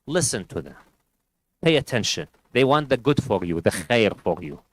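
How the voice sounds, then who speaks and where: A man's voice: fairly low pitch, very animated, normal speed, no room sound, rough recording. A man giving a sermon at a community gathering, earnestly advising parents and families and mixing in Arabic religious phrases. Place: community centre hall.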